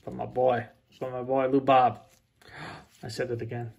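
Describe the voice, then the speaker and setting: A man's voice: mid-range voice, completely flat delivery, a little slow, gravelly, a little mellow. A man opening packs of baseball cards, rattling off player names with joking asides in a casual chat. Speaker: card breaker.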